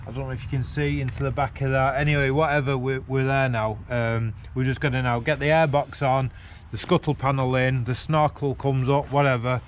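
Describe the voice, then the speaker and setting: Working on a car beside the road, this man chats to camera in a mid-range, steady voice, brisk and with hardly any pauses, cursing casually as he goes. The car vlogger records on a gimbal-mounted handheld camera, with a little hiss or hum audible.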